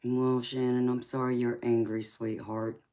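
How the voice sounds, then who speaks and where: A woman with a very deep voice hosts a tarot livestream and talks in a slow, unhurried drawl. She reads out viewer comments and answers them gently, calling everyone sweetheart and honey. Her delivery stays flat and even. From mixed Japanese, Polynesian, English, Irish and Scandinavian heritage. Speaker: tarot reader hosting a livestream. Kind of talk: casual livestream chat reading out viewer comments.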